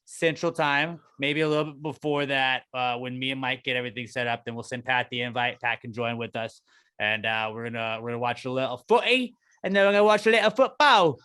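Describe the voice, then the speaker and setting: Bright-voiced American podcast host. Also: male voice, mid-range voice, level tone, brisk, clear, resonant tone. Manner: rambling, loose, plugging the show. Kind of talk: casual chat.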